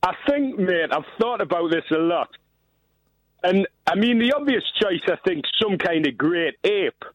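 A man's voice: sits high, animated, normal speed, dry recording, rough recording. A man phoning in to a radio show, chatty and calling the host mate. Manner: chatty, says mate and aye a lot. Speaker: caller. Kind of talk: phone-in chat.

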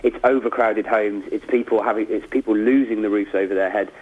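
A man's voice: on the low side, fairly even intonation, fairly quick, husky. A man speaking as a charity spokesperson in a radio interview, earnest and to the point. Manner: earnest, briefing-style. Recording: tinny phone line.

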